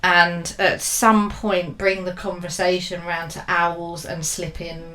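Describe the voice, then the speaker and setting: A woman co-hosting a podcast in casual chat, talking things through and trailing off into quiet asides. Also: lowish voice, little pitch movement, slow pace. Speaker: podcast co-host and storyteller.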